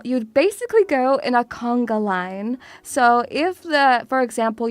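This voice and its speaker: A woman's voice: high-pitched, no room sound. A young woman from Russia streaming as a VTuber, chatting casually in a playful, teasing way and calling her viewers sweeties.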